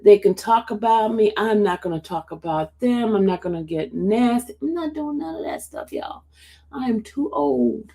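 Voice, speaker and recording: A woman's voice: a little high, moderate pace, vocal fry. Chatty woman livestreaming to her viewers. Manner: chatty and expressive, talks straight to viewers. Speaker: livestream host covering court cases. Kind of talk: casual livestream chat reacting to viewer comments. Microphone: streaming setup.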